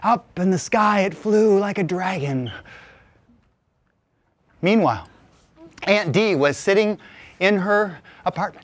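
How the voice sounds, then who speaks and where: A man in his forties telling a comic story, animated and full of vocal sound effects. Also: sits high, slow pace, pauses often. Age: 40s.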